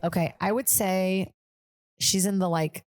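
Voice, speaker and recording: A woman's voice: medium pitch, fairly even intonation, measured pace, darkish tone, dry recording, clean studio sound. A woman hosting a comedy podcast, chatting casually in a rambling way, full of "like" and swearing. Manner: rambling, lots of "like", swears freely. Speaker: podcast host.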